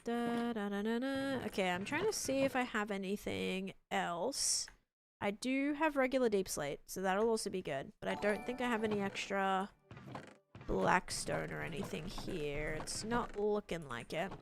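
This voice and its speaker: A young woman hosts a casual live game stream, talking as she builds and reading viewers' chat aloud at a moderate pace. Her voice has vocal fry, soft music plays underneath, and she does a higher-voiced voice assistant impression.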